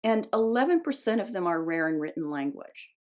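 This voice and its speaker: A woman with a scratchy voice and occasional coughs, presenting an educational webinar lecture in a measured, explanatory way. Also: fairly low pitch, animated, darkish tone.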